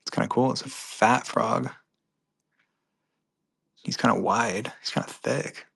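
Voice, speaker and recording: A man's voice: mid-range voice, steady tone, vocal fry, fairly bright tone, husky. A man hosting a live audio chat room, casually reading out listener questions and answering them in an offhand, rambling way. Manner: offhand, rambling, with restarts and trailing off; skims questions quickly under his breath.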